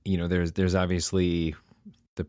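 A man hosting an interview, asking measured, reflective follow-up questions. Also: sits low, level tone, a little mellow, no room sound, studio quality. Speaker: host. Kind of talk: conversational interview.

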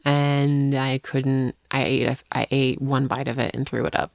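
A woman's voice: a bass voice, level tone, unhurried, gravelly, dry recording, studio quality. A woman co-hosting a casual chat, telling rambling, self-deprecating stories. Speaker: podcast co-host.

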